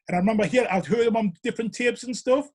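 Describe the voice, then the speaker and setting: A man's voice: very high voice, fast. A middle-aged man from Newcastle with a Geordie accent, rambling through casual stories in an interview and often asking "you know what I mean?". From Newcastle, England. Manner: rambling, animated, lots of 'you know what I mean'. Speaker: interviewee, show regular.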